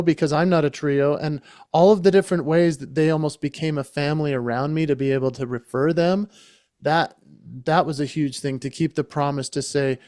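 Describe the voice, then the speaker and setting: A man's voice: fairly high pitch, steady tone, fairly quick, a little mellow, no room sound. A man telling an enthusiastic story as a podcast guest, talking casually into a close microphone. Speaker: guest, entertainer and speaker.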